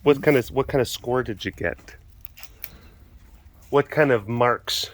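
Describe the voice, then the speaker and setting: A man who keeps big cats at a facility and hosts a show chats playfully to the animals in a casual vlog, cooing at them in baby-talk. His voice is mid-range and his pace measured.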